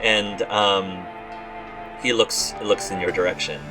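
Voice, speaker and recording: A man's voice: on the low side, fairly even intonation, takes it slowly, music in the background. A man narrating a tabletop game as game master in a casual, rambling way. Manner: casual, rambling, many fillers.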